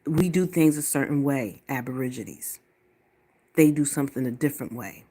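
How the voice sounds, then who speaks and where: A woman's voice: very deep voice, normal speed, warm tone, slightly rough. Blunt, profane woman ranting to camera. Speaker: vlogger.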